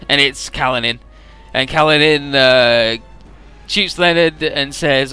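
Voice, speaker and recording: A man's voice: medium pitch, takes it slowly, bright, forceful tone, clear, resonant tone, soft background music. A man casually retelling a game's story, quoting the characters in his own voice, laid-back and swearing freely. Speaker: let's player summarizing a game story.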